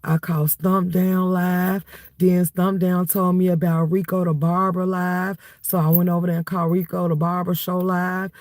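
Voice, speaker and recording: A woman's voice: on the low side, moderate pace, no room sound. A woman hosting a livestream, chatting casually and laughing as she gossips, tired and cold. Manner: animated, laughing gossip with frequent "baby" and "y'all". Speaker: livestream host.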